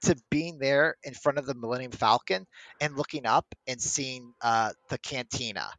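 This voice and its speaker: A man with a mid-pitched voice co-hosts a casual podcast chat. He talks eagerly and keeps stammering through false starts. His sound is dry and close. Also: normal speed, a bit bright, dry recording, low-quality recording. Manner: enthusiastic, stammers on restarts. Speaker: podcast co-host.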